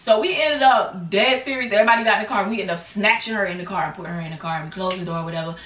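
A woman in her twenties telling a casual storytime on her channel, acting out quotes in animated bursts. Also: medium pitch, rapid-fire, slight background noise. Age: 20s. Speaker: vlogger. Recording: echoey room, mic at a distance.

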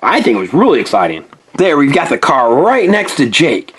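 A woman's voice: rumbling low, moderate pace, slight background noise. A woman hosting a playful toy unboxing, exclaiming over each find and coaxing a young helper along. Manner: animated, exclaiming over toys, coaxing a child.

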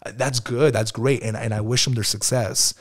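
A man in his thirties speaking as a guest in a casual interview, relaxed and conversational, often calling the host "bro". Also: medium pitch, moderate pace. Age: 30s. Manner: casual, peppers talk with "bro". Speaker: guest entrepreneur.

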